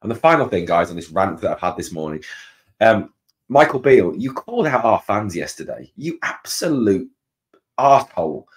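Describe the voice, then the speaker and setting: A man hosting a fan channel, delivering a heated, angry rant to camera that builds into shouted outbursts. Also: fairly low pitch, big pitch swings, moderate pace. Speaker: channel host.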